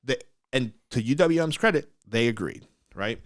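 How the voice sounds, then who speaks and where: Animated blunt man telling a story. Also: mid-range voice, unhurried, no echo, clean studio sound. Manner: animated, blunt, acts out quotes, laughs often. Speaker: podcast host. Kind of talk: casual storytelling.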